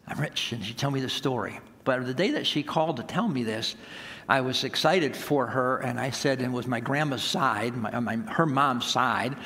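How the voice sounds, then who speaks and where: A man's voice: medium pitch, moderate pace, pushed and bright. A man around sixty, a pastor preaching a sermon, telling a story with laughter. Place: church sanctuary. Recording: long hall reverb.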